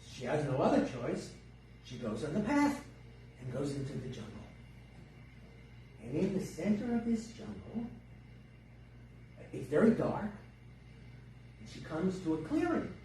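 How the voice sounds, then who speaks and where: Lively male storyteller in an echoey hall. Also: on the high side, unhurried, long pauses. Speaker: workshop teacher. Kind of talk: storytelling to a class. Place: workshop room. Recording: echoey room, distant mic, faint noise.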